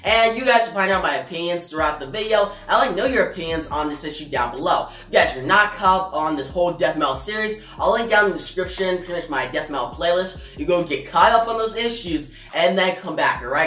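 A man's voice: on the high side, expressive, quick pace, few pauses, pushed and bright, faint music behind. A man reviewing comics in a casual, chatty way, often addressing his viewers. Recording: echoey room.

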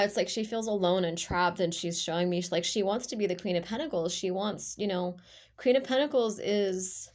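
A woman giving an intuitive tarot reading to her viewers, talking in a rambling, heartfelt way with many halting restarts. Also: mid-range voice, darkish tone. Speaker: tarot reader.

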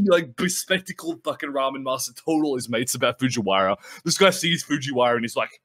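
A man co-hosting a podcast in casual chat, excitable and rambling, swearing a lot as he talks. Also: a little high, a little fast, noisy background. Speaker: podcast co-host.

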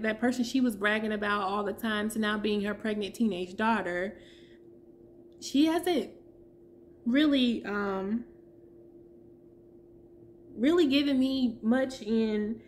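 A woman in her thirties giving a heartfelt personal testimony as a vlogger, pausing to search for her words. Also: fairly high pitch, slight background noise.

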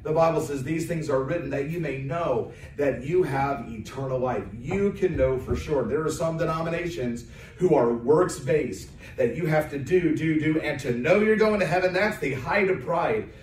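A man's voice: fairly high pitch, a little mellow, a little hiss or hum. An American man preaching a sermon as an evangelist, praying and then building to emphatic, rising lines. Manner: preaching with emphatic rises, pausing on fillers. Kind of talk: sermon with prayer. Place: church sanctuary. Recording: distant roomy church sound.

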